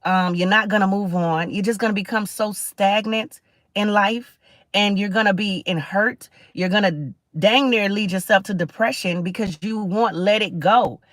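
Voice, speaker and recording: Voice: mid-range voice, normal speed, a bit bright, no echo. A Caribbean-born livestream host giving a preachy, conversational motivational talk, often checking in with listeners and answering viewer comments.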